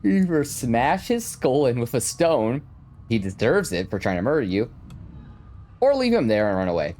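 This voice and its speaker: A man's voice: mid-range voice, very animated, moderate pace, darkish tone. A man playing a game on his channel, reading the story text dramatically and breaking off into profane joking asides. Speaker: gaming creator. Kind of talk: gameplay commentary, reading story text aloud.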